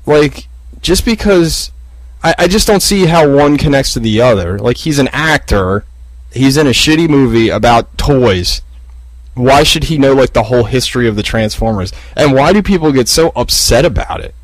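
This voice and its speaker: A man's voice: mid-range voice, lively intonation, moderate pace, no echo, rough recording. A man hosting a solo podcast, rambling and swearing through a casual rant full of fillers and restarts. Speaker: podcast host. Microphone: podcast microphone.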